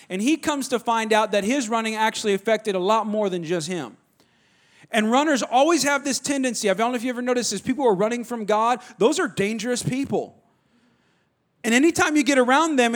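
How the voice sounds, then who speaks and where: A male pastor, preaching a sermon with animated storytelling and frequent restarts. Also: very high-pitched.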